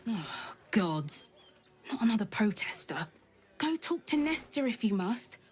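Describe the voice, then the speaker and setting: An actress playing a harried, impatient city guard in a fantasy video game. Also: female voice, mid-range voice, big pitch swings, measured pace, breathy edge, faint music behind. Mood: exasperated. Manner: exasperated.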